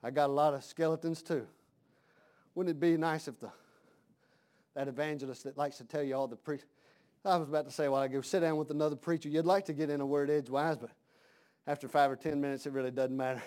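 A man's voice: fairly high pitch, steady tone, quick pace, a little mellow. A man preaching a sermon in a folksy, conversational way, asking his congregation questions.

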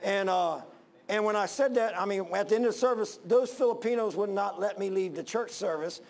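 A man's voice: high-pitched, brisk, gravelly, darkish tone. A man preaching a sermon in a folksy, rambling way, full of fillers and restarts.

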